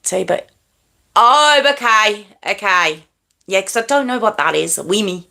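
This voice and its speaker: A woman hosting a live chat stream, talking casually to her viewers and answering their comments. Her voice is bright and forward, at a middle pitch that leaps up when she teases. She rambles easily and thanks people by name. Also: lively intonation, creaky. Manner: chatty, warm to viewers, quick pitch jumps when teasing. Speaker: true crime livestream host.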